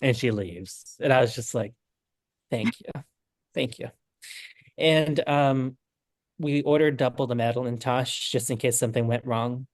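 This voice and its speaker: A young adult man, a knitting designer telling an animated story in a casual interview, acting out the quotes. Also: medium pitch, moderate pace, no room sound, studio quality. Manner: animated, acts out quotes with lots of "I'm like".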